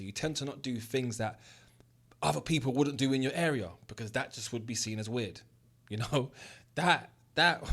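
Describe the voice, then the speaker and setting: A young man with a London accent tells a personal story straight to his listeners. His voice sits in an ordinary middle pitch, and he talks in a candid, earnest way, swearing freely as he drives his point home. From South West London. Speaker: host. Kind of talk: motivational storytelling monologue.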